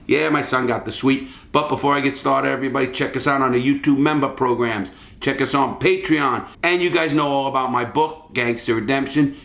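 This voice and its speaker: Middle-aged man, profane rambling storyteller; roomy room sound, mid-pitched. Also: fairly even intonation, fairly quick, vocal fry, few pauses, fairly bright tone, faint music behind. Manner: rambling, swears freely. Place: hotel suite.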